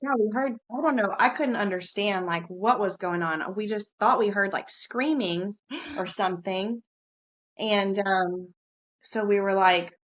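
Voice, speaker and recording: A woman co-hosting a podcast, telling a fishing story in casual chat, lively and swearing casually. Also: measured pace, highs cut off. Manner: animated, jumps high when quoting herself, swears casually. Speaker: podcast co-host.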